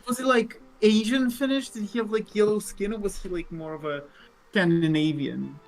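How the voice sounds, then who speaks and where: A man in casual conversation, asking questions and throwing in quick joking remarks. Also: sits high, poor audio.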